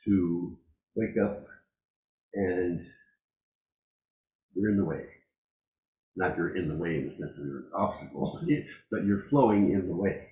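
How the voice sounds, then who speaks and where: A man giving a dharma talk as a Zen teacher, reflective and unhurried, pausing often and laughing softly. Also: deep voice, reverberant, low-quality recording. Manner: slow, reflective, with frequent pauses and soft laughs.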